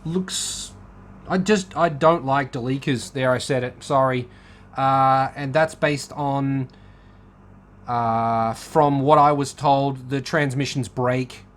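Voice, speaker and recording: Chatty man, unhurried. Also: mid-range voice, steady tone, fairly bright tone. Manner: musing aloud, joking, chatty. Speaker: car channel host. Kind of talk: casual chat flipping through a magazine.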